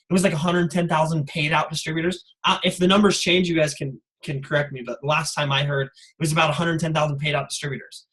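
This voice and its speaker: A man giving an energetic, casual motivational talk on a sales call, full of "like" and "you guys.". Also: on the high side, rough recording. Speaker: guest speaker on a sales call.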